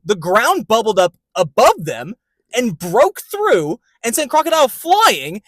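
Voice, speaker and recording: Male podcast co-host, high bright voice, very expressive, dry close sound. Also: a little slow, no echo. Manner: animated storytelling, acts out scenes. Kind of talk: casual chat.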